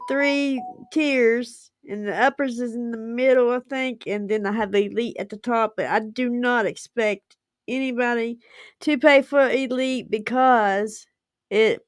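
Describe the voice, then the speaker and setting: A woman's voice: on the high side, clear, resonant tone, no room sound, clean studio sound. A woman, hosting a casual livestream and chatting effusively with frequent giggles. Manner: effusive and giggly, laughs often. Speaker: livestream host.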